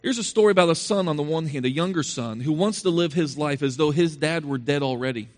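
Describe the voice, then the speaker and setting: A man's voice: fairly high pitch, fast talker. A male preacher delivering an evening sermon, repeating phrases for emphasis and asking the congregation rhetorical questions.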